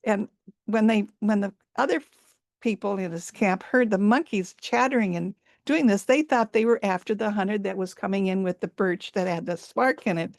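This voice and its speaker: A woman's voice: medium pitch, normal speed, creaky, no echo, studio quality. A woman storyteller telling a folk tale live over a video call, repeating words for emphasis and dwelling on sensory detail.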